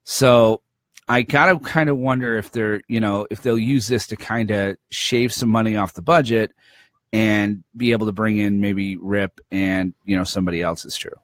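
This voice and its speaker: A male podcast co-host chats casually, dropping joking, self-deprecating asides. His fairly low, fairly bright voice keeps a fairly even intonation at a moderate pace, and the recording is dry and clean, studio quality.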